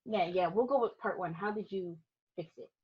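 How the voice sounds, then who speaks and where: A woman photographer talks in a relaxed interview, telling stories with emphatic energy and frequent laughs. Her voice is husky and slightly breathy, and the recording sounds dull and lo-fi. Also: fairly low pitch, normal speed. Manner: animated storyteller, laughs often, emphatic. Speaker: boudoir photographer, podcast guest. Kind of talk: casual interview chat.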